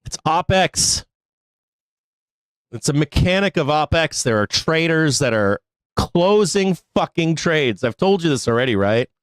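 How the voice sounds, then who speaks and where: A man's voice: fairly high pitch, lively intonation, measured pace, clean tone, no echo, rough recording. Guy hosting a live trading show, going off at his chat, cussing and laughing, dry mic. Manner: profane, laughing, exasperated ranting. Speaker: stock market show host. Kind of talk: live-stream rant.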